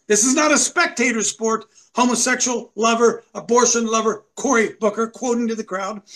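Male host, very high voice, preachy and mocking, builds to shouts. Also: low-quality recording. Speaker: show host. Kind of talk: combative political commentary.

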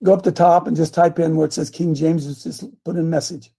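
A man preaching a sermon, fervent and folksy, climbing into loud emphatic passages when he reads scripture. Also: on the high side, flat delivery, brisk, creaky, breathy edge. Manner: fervent, rising to shouts on scripture, folksy asides.

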